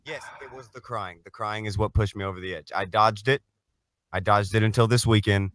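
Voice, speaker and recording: A man with a fairly low voice rants through a talk-show livestream and swears freely as he scolds the chat. The sound is dry and close, with no room around it. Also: fairly even intonation, a little fast, a bit bright, dry recording. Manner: profane, ranting, scolding the audience. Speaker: co-host.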